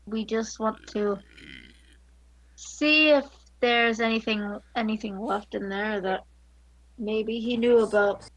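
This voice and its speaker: A woman's voice: on the high side, steady tone, slow, no echo, poor audio. A woman playing a tabletop game, speaking in a hesitant, wry way. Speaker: player. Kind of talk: tabletop role-play.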